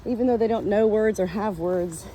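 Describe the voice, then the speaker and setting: A woman's voice: medium pitch, moderate pace, warm tone, a little hiss or hum, rough recording. A woman vlogging on her farm, talking earnestly to the camera and to her animals as she walks. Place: outdoors on a farm, then indoors with animals.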